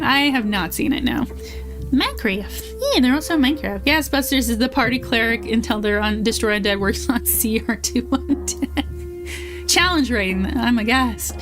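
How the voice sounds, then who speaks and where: High-voiced swearing streamer woman. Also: animated, brisk. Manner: chatty, swears freely, reads chat aloud. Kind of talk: casual live-stream chat. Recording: faint music behind.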